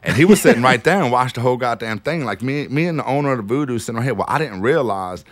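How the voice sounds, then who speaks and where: A man telling loose, profane stories as a guest. He talks in a rambling, animated way, full of asides and restarts. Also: medium pitch, fast talker, dry recording. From New Orleans. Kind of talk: casual storytelling.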